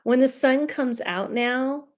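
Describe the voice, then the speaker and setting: A woman from Los Angeles, a medium and host of her own live stream, chatting loudly and casually with viewers and reading out their comments. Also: high voice, slow. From Los Angeles, USA. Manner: loud, chatty, trails off and restarts, laughs often.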